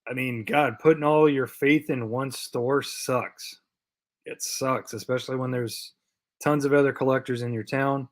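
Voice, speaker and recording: The host of a live diecast chat stream speaks in a mid-range, steady voice, a little slow. He reads viewer comments in a loose, rambling way full of fillers and repeats, sounds tired and short on sleep, and puts on a Canadian accent as a joke.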